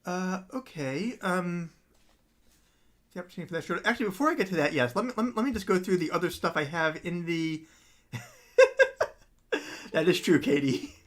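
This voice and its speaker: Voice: medium pitch, animated, normal speed, long pauses. Musician on a home livestream just rambling along, lots of ums and little laughs. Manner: rambling, laughs often, many ums and trailing restarts. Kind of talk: casual livestream chat.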